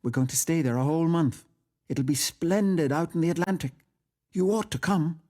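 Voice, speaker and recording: A woman's voice: sits low, normal speed, warm tone, pitched above the performer's own voice. A man voicing an earnest young woman who presses with pointed questions in a story reading. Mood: needling. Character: earnest, probing young Irish nationalist woman. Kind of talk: audiobook reading.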